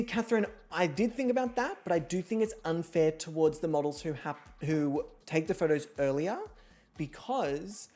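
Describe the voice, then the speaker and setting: A woman hosting a game stream from home, chatty and excitable, swearing freely and chatting to her pets between rounds. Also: deep voice. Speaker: host of an online reality show game stream. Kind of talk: casual livestream chat.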